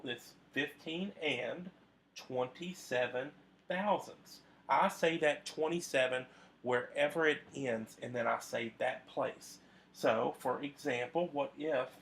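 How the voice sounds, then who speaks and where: A man teaches a math lesson to camera in a loose, conversational way, filling pauses and restarting his sentences. His voice is heavily gravelly with lots of fry, sitting at an average pitch for a man. A faint hiss runs under the recording. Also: a bit bright. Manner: conversational, with frequent fillers and restarts.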